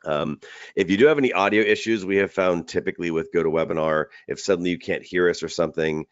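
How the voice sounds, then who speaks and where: A man's voice: low voice, fairly even intonation, quick pace, dry recording. A man hosting a training webinar, chatty and rambling, often restarting his sentences. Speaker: webinar host. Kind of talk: casual webinar presenting. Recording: dull lo-fi web call audio.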